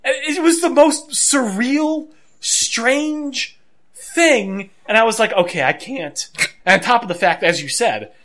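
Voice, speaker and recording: A man co-hosting a podcast, telling a story in an animated, wry way and riffing casually. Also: very high-pitched, measured pace. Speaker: podcast co-host. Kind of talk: casual chat.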